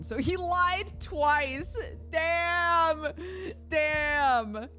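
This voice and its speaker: A woman streaming a video game, reading the dialogue aloud and reacting in an expressive, exasperated way. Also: fairly low pitch, normal speed, soft background music. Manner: animated and expressive, swings to loud exasperation. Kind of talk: live gameplay commentary, reading dialogue aloud.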